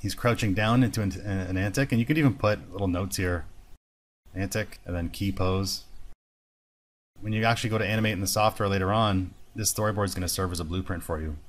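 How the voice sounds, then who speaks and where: Low-voiced man teaching animation. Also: brisk. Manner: relaxed, thinking aloud step by step. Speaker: animation instructor. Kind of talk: screen-recorded software tutorial.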